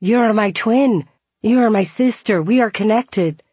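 A woman voicing an excitable young man with a Scottish accent who talks in a sing-song, as part of a memoir reading. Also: medium pitch, a little slow, breathy edge, no echo, pitched above the performer's own voice. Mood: excited sing-song.

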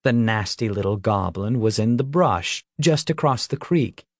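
A man reading a fantasy novel aloud as an audiobook narrator, with measured storytelling. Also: lowish voice, animated, dry recording, studio quality. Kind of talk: scripted narration.

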